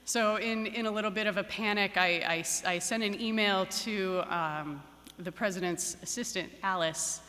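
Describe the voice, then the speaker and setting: A woman's voice: medium pitch, normal speed, pushed and bright. A woman professor giving a ceremony address, telling an anecdote with fillers and restarts, then leading a guided meditation. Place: large hall at a ceremony. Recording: echoey hall.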